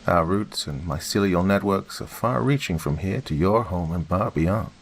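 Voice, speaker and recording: A sinister living tree speaks here, as a man narrating puts it on, deep and flat in a slow monotone. The voice is low and a little dark, with a faint hiss behind it. It sounds calm and certain in a storybook horror way. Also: vocal fry. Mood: ominous. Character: deep monotone tree entity, male, menacing.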